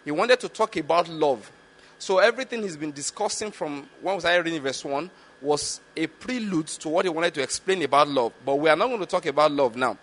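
A man delivers a Bible teaching sermon in a voice pitched a little high for a man. He reads verses slowly and deliberately, then explains them. He keeps asking his listeners whether they are following the point. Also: a bit bright. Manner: checks in with listeners with repeated questions. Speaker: preacher.

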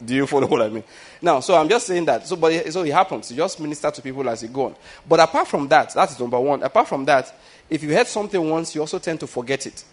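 A man's voice: on the high side, animated, fast. A man preaching a sermon in a loose, conversational way, often asking the congregation whether they follow him and restarting his sentences. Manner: conversational preaching, frequent rhetorical questions and restarts. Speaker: pastor.

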